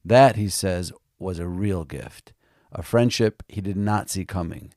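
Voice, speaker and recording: A man's voice: low voice, a little slow, a little mellow, no echo, studio quality. A man hosting a podcast, narrating a story in a reflective, storytelling manner and interviewing guests.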